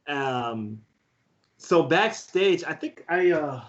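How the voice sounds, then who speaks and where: A man, a guest, telling a story in a casual, excitable way and laughing often. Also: a little high, drawn-out words, muffled recording. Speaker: guest beatboxer.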